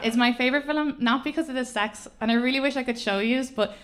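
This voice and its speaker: An Irish woman in her thirties performing a stand-up comedy set, telling stories quickly and animatedly, often laughing along. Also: sits high, noisy background. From Ireland. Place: comedy club stage with an audience. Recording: live stage mic with audible audience laughter.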